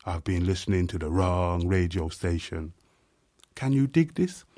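A man performing spoken-word poetry, chanting repeated refrains and swinging between hushed low lines and loud outbursts. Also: animated, measured pace.

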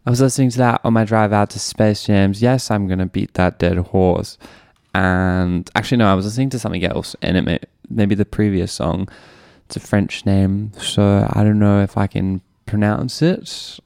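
An Australian radio DJ, a man whose voice sits on the low side, rambles happily between songs. His chat is loose and enthusiastic, full of little asides. The studio mic sounds close and dry, with no room sound. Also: fairly even intonation, moderate pace, vocal fry, darkish tone, no echo. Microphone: studio microphone.

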